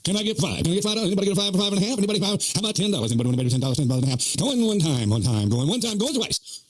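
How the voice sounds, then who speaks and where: A man's voice: sits high, big pitch swings, very fast, voice pushed up. A man imitating an auctioneer calling bids in a chanting, sing-song way. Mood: hawking. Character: rapid-fire male auctioneer calling bids.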